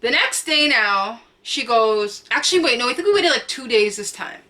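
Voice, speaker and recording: A young woman vlogging a storytime straight to camera from her room at home. Her voice is bright and a bit high, and her delivery is chatty and slangy. She repeats lines for emphasis and bursts into loud cries when acting out quotes. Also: lively intonation, normal speed. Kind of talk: storytime vlog.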